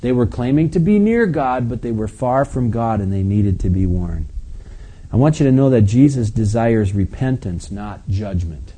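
Husky, dark-voiced male preacher. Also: lively intonation, normal speed. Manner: preaching with big swings in volume and pitch, reading scripture aloud forcefully. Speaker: pastor. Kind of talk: sermon.

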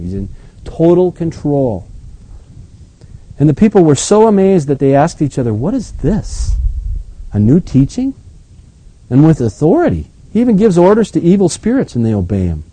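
A man acting as pastor, reading scripture aloud and then commenting on it in a relaxed, conversational way. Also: on the low side, a little hiss or hum, low-quality recording. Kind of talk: Bible reading with sermon commentary.

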